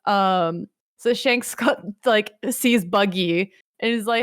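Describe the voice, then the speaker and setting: A young woman co-hosting a podcast, recapping a story in an animated, rambling casual chat. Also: medium pitch, slow, clean tone, no room sound, clean studio sound. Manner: animated, rambling, lots of fillers. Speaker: podcast co-host.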